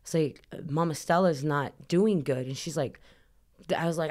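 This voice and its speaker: The same guest, a woman from Southern California, talks at normal speed in a low, gently mellow voice. She wanders through her personal story with heavy use of "like," earnest and emotional throughout.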